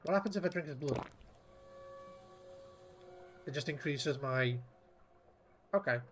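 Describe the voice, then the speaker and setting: A man's voice: on the high side, a little slow, a bit bright, faint music behind. A man giving casual gameplay commentary, muttering to himself in an offhand and profane way. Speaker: gameplay streamer.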